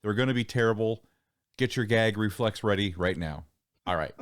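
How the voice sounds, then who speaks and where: A man's voice: on the low side, normal speed. A man hosting a podcast, introducing his co-hosts with crude jokes in a brash, joking way. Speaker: podcast host. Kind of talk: casual podcast banter.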